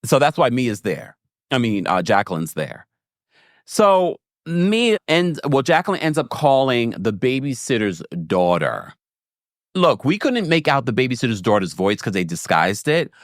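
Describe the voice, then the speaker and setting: A man hosting a reality TV recap in a casual, animated way. He breaks into high, mocking voices whenever he acts out what someone said. The recording is dry and close to the mic. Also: a little slow, no room sound. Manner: animated, jumps into high mocking voices when quoting people.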